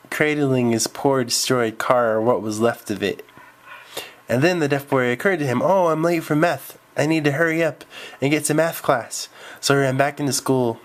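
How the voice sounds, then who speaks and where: A man telling an improvised story, rambling with restarts. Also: medium pitch.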